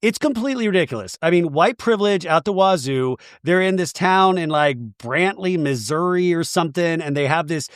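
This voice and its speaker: A man hosting a casual chat, rambling along in an animated way with plenty of "like" fillers. His voice sits a bit high for a man. The sound is dry and close, with no room around it. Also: moderate pace, hardly any pauses, clean tone, no echo. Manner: rambling, animated retelling with lots of "like". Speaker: podcast host. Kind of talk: casual chat about reality TV.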